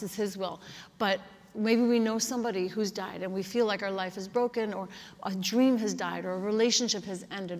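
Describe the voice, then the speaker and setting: A woman pastor preaching a sermon in an earnest, conversational way, often saying "like" and "kinda.". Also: medium pitch. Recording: long hall reverb.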